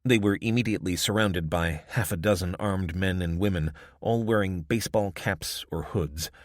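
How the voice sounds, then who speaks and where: A man with a very deep voice reads the story in a steady, measured storyteller's manner. The recording is close and dry, with no room sound around him. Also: dry recording. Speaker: audiobook narrator. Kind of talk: scripted narration.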